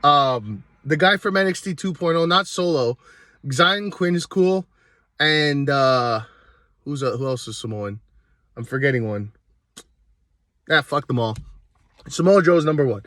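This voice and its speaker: Brief: male vlogger, heated profane rant, slightly high voice, dry close sound. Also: expressive, unhurried, pauses often, sharp tone, no room sound. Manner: heated, swears constantly, rambling. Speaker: vlogger, show host.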